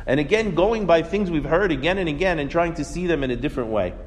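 A male religious teacher with a slightly high voice, spinning stories and firing rhetorical questions at his class. His voice carries a long hall reverb. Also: fast talker. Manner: animated storytelling with rhetorical questions. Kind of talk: Torah class lecture.

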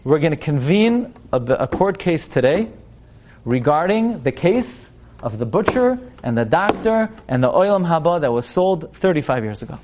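A man voicing a solemn rabbi who speaks in a measured, grave way. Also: on the high side, sing-song, noisy background. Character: grave old male rabbi judge.

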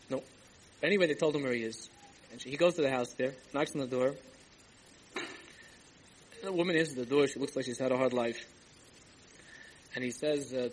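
A man's voice: medium pitch, moderate pace, pauses often, slight background noise, low-quality recording. A man telling a Hasidic tale as a rabbi in a sermon, acting out the dialogue and dropping Yiddish and Hebrew words as he goes. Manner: animated storyteller, acts out dialogue, Yiddish-laced asides. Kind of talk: storytelling sermon. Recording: archival tape with faint background ambience.

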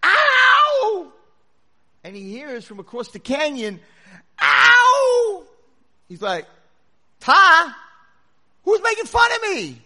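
A man's voice: high voice, expressive, moderate pace, hardly any pauses, a bit bright, pitched above the performer's own voice. A man voicing a young boy who cries out and asks whiny, indignant questions. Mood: shouting upset.

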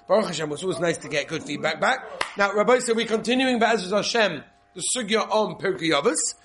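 A man with Yeshivish English, teaching an informal Torah class, lively and repetitive, checking in with "okay?" often. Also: sits high, brisk. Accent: Yeshivish English with Hebrew and Yiddish terms. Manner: lively, repeats points, frequent "okay?" checks.

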